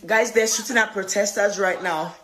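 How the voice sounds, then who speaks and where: A woman's voice: mid-range voice, normal speed, a crowd in the background. A woman urgently reporting from a live scene and pleading with listeners.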